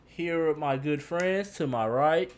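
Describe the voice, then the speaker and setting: A man's voice: a little high, unhurried, clean tone. Playful man hosting a podcast. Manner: playful, rattles off nicknames. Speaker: podcast host. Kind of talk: casual podcast banter.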